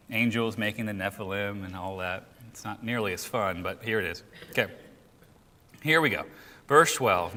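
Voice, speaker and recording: Bright-voiced man teaching Bible class. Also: medium pitch, long reverb tail. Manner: conversational, joking, quizzes the class. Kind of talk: casual teaching and scripture reading. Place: church classroom.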